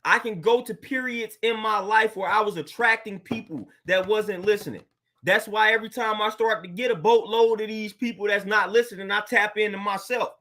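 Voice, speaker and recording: A man's voice: sits high, normal speed, bright, forceful tone. A man giving a casual, earnest motivational talk as a coach, preaching and often calling listeners "man" and "fam".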